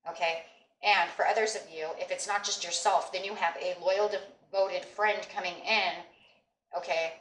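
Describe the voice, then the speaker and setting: Low-voiced woman giving a reassuring tarot reading. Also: steady tone, normal speed, a bit bright. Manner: reassuring, repetitive with frequent "okay?" and "you know". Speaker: tarot reader. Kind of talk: casual tarot reading to viewers. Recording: echoey room with faint background noise.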